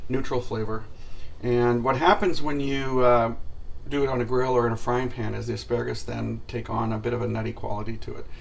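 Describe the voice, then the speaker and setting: A man's voice: mid-range voice, flat delivery, brisk, vocal fry. A man hosting a casual home cooking demonstration in his kitchen. He rambles along with plenty of fillers and pokes fun at himself. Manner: rambling and self-mocking, with many fillers.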